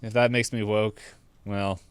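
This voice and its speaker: A man's voice: on the low side, level tone, a little slow, clean tone, no echo. A young adult man co-hosting a podcast, chatting casually, rambling and laughing often. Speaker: podcast co-host. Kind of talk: casual chat.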